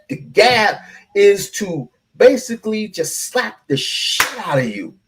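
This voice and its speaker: A man giving heated, profane live-stream commentary, ranting and repeating himself. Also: high-pitched.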